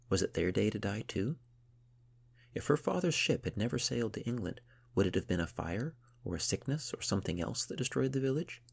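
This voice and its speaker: Deep creaky male storyteller. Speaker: narrator. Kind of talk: storybook narration.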